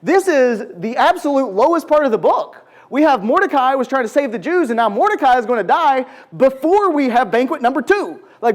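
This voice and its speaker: A man teaching a conversational Bible lesson to a group in a large church room, asking the audience questions and acting out quotes. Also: very high voice. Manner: animated, asks the audience questions, acts out quotes.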